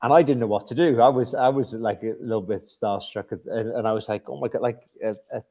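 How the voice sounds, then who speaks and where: A British former ice hockey captain in middle age shares stories as a podcast guest, speaking a little fast in a steady, darkish, medium-pitched voice. The chat is casual and rambling, full of restarts and his own laughter at the tales.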